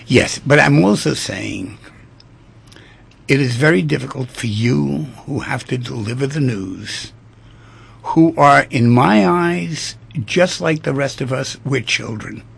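Gravelly, husky male talk show host. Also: medium pitch, slow. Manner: emphatic, animated storyteller.

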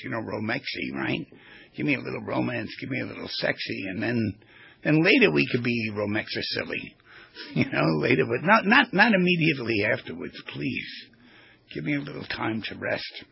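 A man hosting a radio talk show, telling stories in a rambling, animated way as a therapist. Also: medium pitch, moderate pace, gravelly, slightly rough, dry recording, highs cut off. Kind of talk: casual radio talk with storytelling.

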